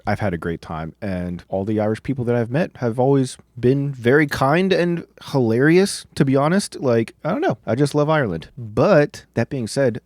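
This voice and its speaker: A man's voice: mid-range voice, darkish tone, no room sound, clean studio sound. A man from the United States hosting a reaction video, chatty and enthusiastic. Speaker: reaction channel host. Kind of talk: casual reaction commentary.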